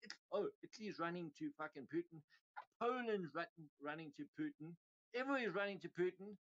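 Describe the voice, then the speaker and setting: A man's voice: high voice, animated, fairly quick, fairly bright tone, slight background noise. A middle-aged man hosting a crypto livestream, ranting casually in a profane, rambling, heated way. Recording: dull lo-fi sound.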